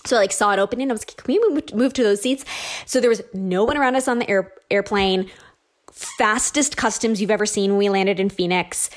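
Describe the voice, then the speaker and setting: A woman's voice: medium pitch, a little fast. A woman in her thirties telling a personal story in a casual, chatty way, with many fillers and quoted asides. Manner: chatty, animated, lots of likes and ums.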